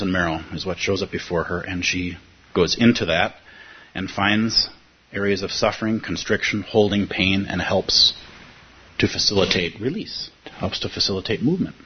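A man giving a reflective dharma talk as a Buddhist teacher, earnest, with pauses and fillers. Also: on the low side. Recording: dull lo-fi recording with faint hiss.

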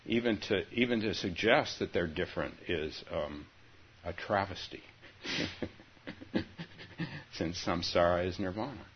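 A man's voice: low-pitched, unhurried, long pauses, slight background noise. A man teaching as a Zen teacher in a dharma talk, hesitant with many ums and chuckling asides, and reading a story aloud with rising emphasis. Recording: dull lo-fi recording.

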